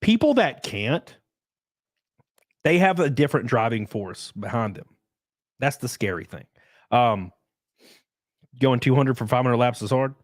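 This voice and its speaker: A man's voice: mid-range voice, expressive, measured pace, pauses often, dry recording, clean studio sound. A man chatting casually on a solo livestream, rambling and swearing, acting out the people he quotes. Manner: rambling, profane, acts out quoted people, laughs often. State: out of breath. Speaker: streamer.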